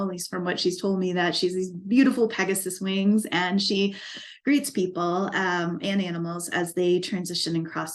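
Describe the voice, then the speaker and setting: A middle-aged woman, an equine life coach, telling her personal story in a documentary interview in an earnest, reflective and emotionally moved way. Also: on the low side.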